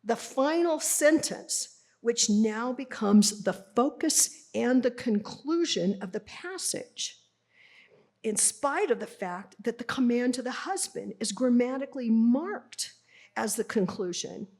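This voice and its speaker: Slow-speaking woman giving a lecture. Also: fairly high pitch, animated, darkish tone. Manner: conversational, asks the audience rhetorical questions; explanatory, teacherly. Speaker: speaker presenting a Bible translation. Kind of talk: live lecture to an audience.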